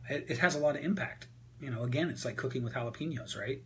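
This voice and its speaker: A man coaching an audience on a group call, answering their questions about voice and speaking in a candid, energetic way with frequent fillers. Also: mid-range voice, quick pace, a little hiss or hum. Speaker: voice and presentation coach. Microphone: video call.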